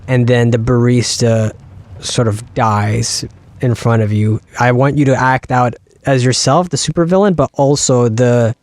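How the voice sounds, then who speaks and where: A man's voice: mid-range voice, steady tone, measured pace. A man co-hosting a comedy podcast, playfully prompting his partner with questions for improvised bits. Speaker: podcast co-host. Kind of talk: comedic interview chat.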